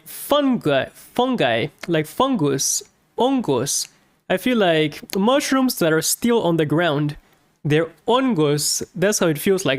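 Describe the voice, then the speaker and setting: A woman's voice: mid-range voice, no room sound, clean studio sound. A woman teaching words in a lesson, repeating each word with chatty asides. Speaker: Spanish teacher. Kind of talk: slow language lesson.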